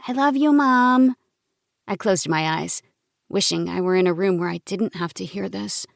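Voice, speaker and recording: A woman reading a first-person novel as an audiobook narrator, in a calm, measured storytelling manner. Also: fairly low pitch, creaky, no room sound, clean studio sound.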